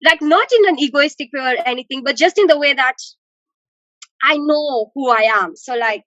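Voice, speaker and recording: Expressive high-voiced student woman. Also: moderate pace, no room sound, highs cut off. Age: young adult. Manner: expressive and dramatic, laughs often, acts out her own thoughts. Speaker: university student guest. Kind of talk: casual interview chat.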